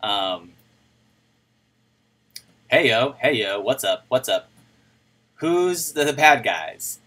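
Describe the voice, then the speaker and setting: A man hosting a casual crypto livestream, excitable, laughing often and breaking into yells, on a turned-up microphone. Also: mid-range voice, measured pace, pauses often, breathy edge.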